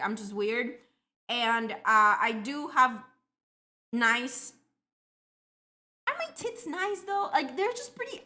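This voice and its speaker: A young woman streamer with a Colombian accent talks loosely to her chat in a rambling, self-deprecating way. Her voice sits a little high and sounds bright and forward. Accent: Colombian, long in Canada. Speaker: livestreamer.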